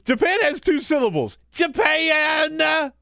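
A man filling in as host of a political talk radio show, joking and animated, laughing easily. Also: a little high, normal speed. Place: radio studio.

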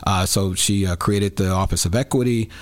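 A man, a talk show guest, speaking in a thoughtful, measured way about city politics. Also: low-pitched, no echo. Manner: thoughtful, measured, many fillers and restarts. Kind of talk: casual political chat.

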